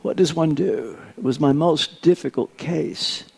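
An older man in his eighties preaching a sermon, deliberate and posing rhetorical questions to his congregation. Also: fairly high pitch, creaky, a little mellow, husky. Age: 80s.

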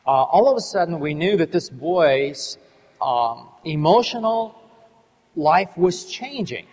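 A middle-aged man speaking from the pulpit in a fairly high voice, earnest and measured. He slows down to stress key words. His voice carries a long reverb, as in a large hall. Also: expressive, darkish tone, dull audio. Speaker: Christian ministry speaker. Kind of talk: sermon with a storytelling testimony.

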